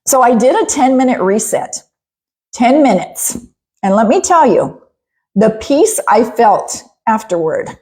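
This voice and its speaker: Animated, laughing middle-aged woman host. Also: a little high, a little slow. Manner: animated and chatty, laughing often. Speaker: podcast host. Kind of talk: casual podcast monologue.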